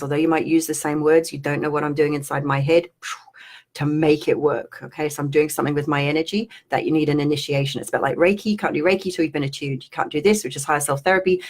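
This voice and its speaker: A woman, a spiritual teacher, talking to her viewers on a live stream and guiding them through a slow energy release, her voice sinking toward a whisper. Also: sits low. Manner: soft, slow guiding voice that drops to a near whisper.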